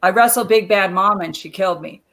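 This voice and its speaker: A chatty woman telling long stories on a video call. She is a lively storyteller who laughs easily between anecdotes. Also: mid-range voice, fast. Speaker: guest, former wrestler. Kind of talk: casual interview chat.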